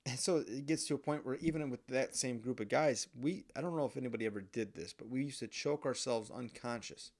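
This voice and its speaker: Young guy rambling thru crude stories, swears a lot, mid-pitch voice. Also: brisk, few pauses, darkish tone. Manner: profane, rambling, candid. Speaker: podcast host. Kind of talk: casual storytelling monologue.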